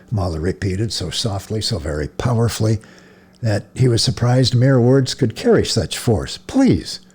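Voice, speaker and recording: A man reading a novel aloud as narrator, measured, with occasional slips and restarts. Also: fairly low pitch, darkish tone, breathy edge. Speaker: audiobook narrator.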